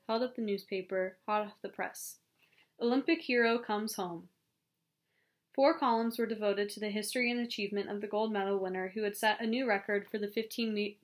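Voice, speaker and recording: A woman reading a novel aloud as an audiobook narrator, in a steady storytelling manner. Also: medium pitch. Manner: steady storytelling with small self-corrections. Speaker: audiobook reader. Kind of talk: scripted narration.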